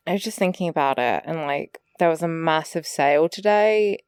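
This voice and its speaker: A woman's voice: sits low, moderate pace, a little mellow, clean tone, dry recording, studio quality. A young woman, a student, co-hosting a podcast in casual chat, chatty and wry with some swearing. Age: young adult. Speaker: podcast co-host.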